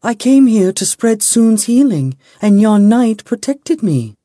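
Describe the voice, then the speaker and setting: A man voicing a gentle young noble woman priestess who speaks earnestly. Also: sits high, big pitch swings, slow, dry recording, clean studio sound, voice pushed up, exaggerated voice.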